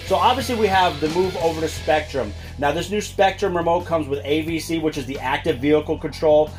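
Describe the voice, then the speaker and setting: Enthusiastic man reviewing a toy truck. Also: on the high side. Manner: enthusiastic, chatty, many fillers. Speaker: RC product reviewer. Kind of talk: casual product walkthrough. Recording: music playing underneath.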